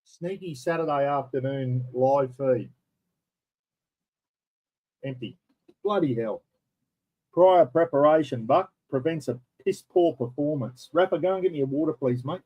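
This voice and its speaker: A man's voice: fairly high pitch, a little slow, long pauses, slightly rough, dull audio. An older Australian man hosting a casual live stream from home, chatting loosely and greeting viewers by name over a built-in computer mic. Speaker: livestream host. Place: indoors at home. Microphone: computer's built-in microphone.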